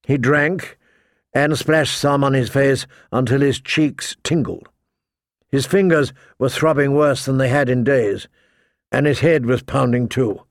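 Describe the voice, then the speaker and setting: A man reads a fantasy novel aloud in a measured, deliberate way, his voice grainy with vocal fry. The recording is dry and close, with no room sound. His pitch sits in an ordinary middle range. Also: dry recording. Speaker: audiobook narrator. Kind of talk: scripted fantasy narration.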